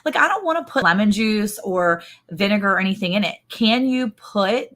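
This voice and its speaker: A woman's voice: medium pitch, expressive, normal speed, a bit bright. A middle-aged woman, chatting casually and laughing as co-host of a homestead livestream, greeting viewers by name.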